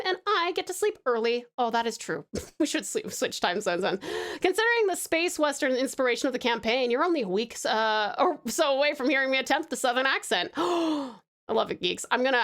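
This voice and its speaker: A woman's voice: sits high, fairly bright tone. A woman with an Australian accent, chatting casually with her stream chat while she draws, playful and laughing often.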